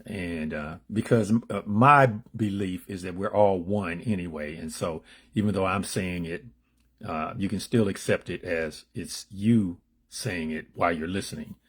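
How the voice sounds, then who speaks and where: A slow, husky man reads daily spiritual meditations off the cuff. He raises his voice for the written passages, then slips into low, offhand asides before going on. The delivery is casual and unrehearsed. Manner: unrehearsed, loose asides between readings; reads passages louder and higher, asides dropped low and quiet. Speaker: spiritual reader.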